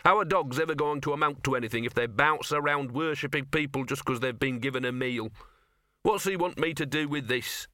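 A man's voice: medium pitch, fairly quick, sharp tone, dry recording, studio quality, lightly acted. A man voicing a cynical, scruffy talking male dog in a storybook reading, with a sardonic, streetwise grumble. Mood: grumbling.

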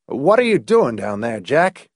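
Man playing a grim, brisk rescuer in a storybook audiobook, lively delivery, dry sound. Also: medium pitch, dry recording, pitched above the performer's own voice. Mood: commanding. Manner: brisk, commanding. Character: calm, grim, commanding middle-aged man.

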